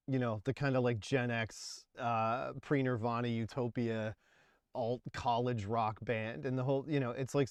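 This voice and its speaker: A man's voice: mid-range voice, darkish tone, clear, resonant tone, no room sound. A man in his forties hosting a casual livestream, rambling and laughing as he talks about music. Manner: rambling, chatty, laughs often. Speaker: livestream host.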